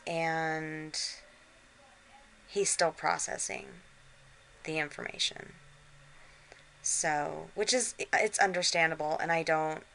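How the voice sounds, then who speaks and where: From her bed, a worn-out, unwell middle-aged woman vlogs casually into a handheld camera, her words weary and drained. Her voice sits low, gravelly, pushed and bright, and the recording is rough.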